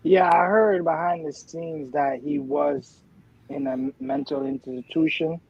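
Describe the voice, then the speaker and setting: A man co-hosting a casual live stream, speaking in a slow, measured way. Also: fairly high pitch, fairly even intonation, creaky, slightly rough, highs cut off. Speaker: co-host.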